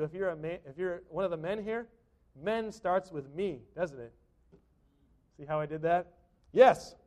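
High-voiced man preaching with tag questions. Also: a little mellow. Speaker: pastor. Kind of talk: sermon.

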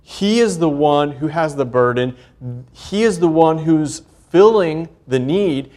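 A man's voice: a little high, animated, a little slow, darkish tone. A man preaching a sermon earnestly, building emphasis on key points and reading scripture aloud in old-fashioned wording. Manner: reads scripture aloud in King James wording.

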